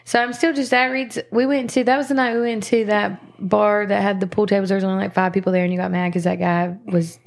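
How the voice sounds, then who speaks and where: A woman's voice: medium pitch, steady tone, quick pace, gravelly, few pauses. A woman hosting a podcast, telling stories bluntly and swearing freely in casual chat. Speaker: podcast host.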